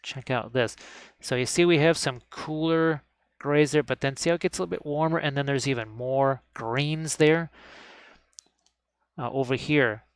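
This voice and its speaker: On the high side and clean with no room sound, this man's voice moves at normal speed as he teaches miniature painting live. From his indoor hobby desk he chats upbeat and casually while working, often urging viewers with "look at this."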